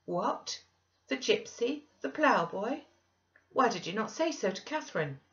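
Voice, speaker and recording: A woman doing a cross, fastidious gentleman. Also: low voice, animated. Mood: startled. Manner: crisp and peevish. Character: fastidious, cross young gentleman, prim husband. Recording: dull lo-fi recording.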